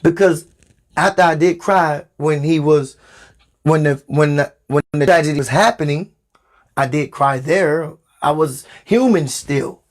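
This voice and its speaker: A man's voice: on the high side, measured pace. A man giving a preachy spiritual podcast monologue as a spiritual teacher, emphatic and repeating his phrases for stress. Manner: addresses listener as "Divine".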